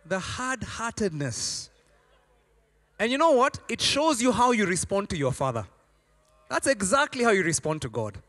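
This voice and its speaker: A man preaches with a high, lively voice that leaps up and down as he acts out stories. His tone is bright and ringing. A long hall reverb trails behind each phrase. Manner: animated storytelling, acting out voices. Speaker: pastor. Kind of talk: sermon.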